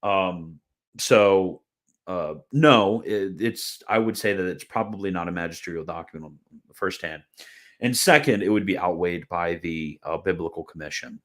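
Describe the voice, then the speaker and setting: A young man with a deep voice and moderate pace hosts a live stream, answering viewers' questions in casual chat. He rambles, uses fillers and laughs at comments.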